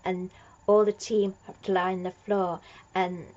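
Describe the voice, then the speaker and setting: A woman's voice: lowish voice, level tone, unhurried, a little mellow, muffled recording. A woman recapping an episode as a fan reviewer, gushing and rambling with lots of fillers and restarts.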